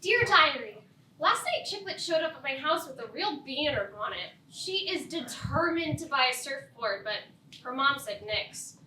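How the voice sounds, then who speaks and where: A woman's voice: high-pitched, expressive, moderate pace, sharp tone, a little hiss or hum. An actress playing an earnest, nerdy teenage girl reading out her diary entry. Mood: gushing. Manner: earnest, gushing, slangy. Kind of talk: live stage monologue. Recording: echoey theatre stage from far off.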